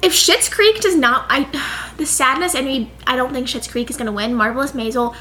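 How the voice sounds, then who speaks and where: A woman's voice: high-pitched, moderate pace, pushed and bright, slight background noise. A young woman co-hosting a casual podcast chat, playful and gushing, with jokey slang. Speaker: podcast co-host.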